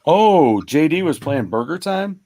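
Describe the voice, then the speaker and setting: A man's voice: fairly high pitch, very animated, measured pace, dark tone, no room sound. Casual male co-host, rambling and chatty, dry close sound. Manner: chatty, rambling with many fillers. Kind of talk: casual stream chat.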